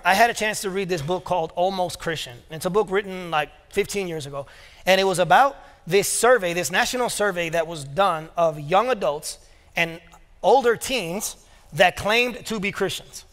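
High-voiced pastor in an echoing church. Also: male voice, fairly bright tone. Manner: storytelling with casual asides and quoted dialogue. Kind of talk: sermon. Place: church sanctuary. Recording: long reverb of a church hall.

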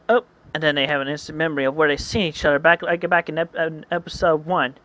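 A home narrator reading a homemade comic aloud, halting and correcting itself, adding mouth sound effects. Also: medium pitch, a bit bright, no room sound. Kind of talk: casual read-aloud narration.

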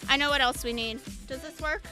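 A woman's voice: high voice, a little fast, music in the background. A young woman streaming casually, chatty and giggly as she talks to her chat, a little out of breath. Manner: giggly and chatty, talking to chat while changing onesies.

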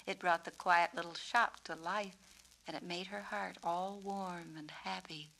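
A woman, the author, reading her own storybook in a clear, measured, descriptive way. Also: fairly low pitch, steady tone, pushed and bright, low-quality recording. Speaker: author and narrator. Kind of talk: storybook narration.

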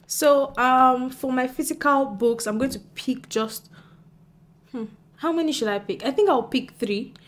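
A young woman from Nigeria chatting excitedly and giggling as she talks straight to her viewers. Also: mid-range voice. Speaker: book vlogger. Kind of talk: casual chat to camera.

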